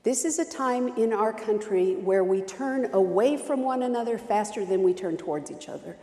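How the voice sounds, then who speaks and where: A woman's voice: mid-range voice, normal speed, warm tone, echoey room, big-room sound. A woman pastor preaching a sermon, telling stories with strong emphasis and repetition.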